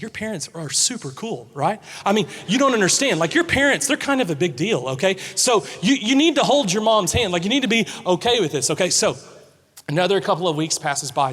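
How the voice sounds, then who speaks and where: A man preaching a sermon, telling a family story with lively swings between quiet asides and loud, excited moments. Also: fairly high pitch. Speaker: pastor. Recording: long hall reverb.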